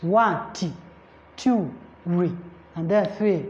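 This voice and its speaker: A woman's voice: mid-range voice, takes it slowly, mellow. A woman tutoring for an English exam in a classroom lecture style, who repeats points, spells words out letter by letter and checks that listeners understand. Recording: echoey room, slightly dull sound.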